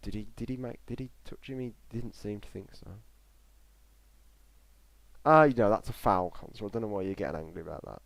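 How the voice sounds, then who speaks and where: An English man with a lowish, creaky voice talks fairly quickly and pauses often, with no room sound. Streaming live reactions to a football match from a small closed room, he keeps up an excitable running commentary into a desktop mic in front of his screen and reads out chat messages.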